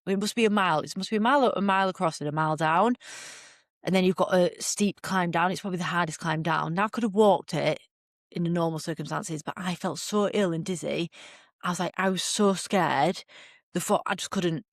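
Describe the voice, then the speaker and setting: Gravelly woman telling a story. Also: lowish voice, fairly quick, dry recording, studio quality. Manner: frank, chatty, replays her own reactions in quotes. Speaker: podcast host. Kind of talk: candid storytelling monologue.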